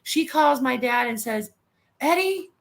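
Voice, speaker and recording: A woman in her thirties co-hosting a podcast, chatting casually, reading out live comments and telling quick stories with a lot of giggling. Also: on the high side, a bit bright. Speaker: podcast co-host.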